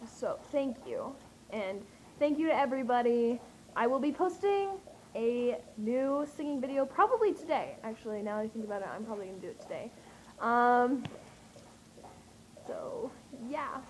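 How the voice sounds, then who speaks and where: A young woman telling an excited vlog story, gushing and breathless, with lots of fillers. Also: a little high, moderate pace, a little hiss or hum, rough recording. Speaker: vlogger.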